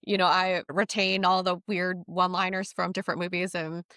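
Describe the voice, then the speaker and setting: A young woman, a content creator and voice actor, chatting in a casual interview, lively and laughing often as she slips into playful voices. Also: fairly low pitch, fairly quick, dry recording, studio quality.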